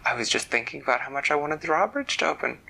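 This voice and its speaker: A man voicing an excited little blonde girl, in a whispered role-play with a soft, hushed bedtime delivery. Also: a little high, quick pace, creaky, breathy edge, heavily acted, rough recording. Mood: eager.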